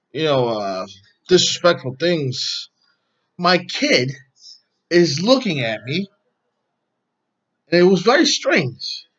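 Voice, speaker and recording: Guy venting on his home podcast, swears constantly, rambles, a bit high voice, muffled lo-fi sound. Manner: rambling, heavy profanity, animated retelling. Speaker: podcast host. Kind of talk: casual storytelling vlog.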